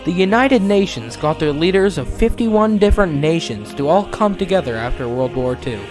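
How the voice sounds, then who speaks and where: A man's voice: fairly high pitch, lively intonation, moderate pace, over music. A man narrating a school project, reading his script plainly.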